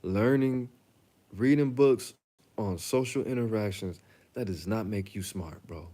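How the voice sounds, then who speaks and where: A man's voice: fairly low pitch, a little slow, dark tone. A young man hosting a reaction channel, talking casually and bluntly to the camera, joking and telling stories in slang. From Chicago.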